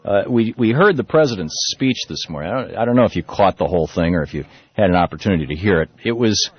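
A man's voice: low voice, fast, slightly rough, no room sound. A man hosting a political talk radio show, speaking loosely with frequent restarts and fillers. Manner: loose, animated delivery with many restarts and fillers. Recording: muffled lo-fi radio broadcast.

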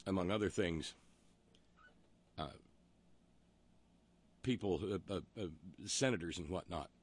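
A man's voice: low-pitched, a little slow, breathy edge. A man hosting a talk show, delivering a wry, rambling monologue full of historical asides. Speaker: radio talk show host.

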